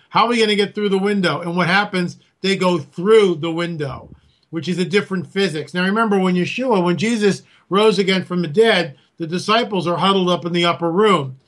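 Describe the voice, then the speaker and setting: A man talking as an interview guest, an animated storyteller who acts out quotes. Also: high voice. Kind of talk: casual interview talk.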